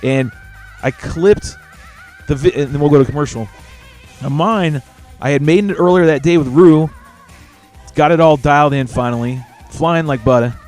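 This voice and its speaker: A man's voice: on the high side, normal speed, pauses often, darkish tone, faint music behind. A man hosting a casual live show, telling stories animatedly and swearing freely. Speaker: show host.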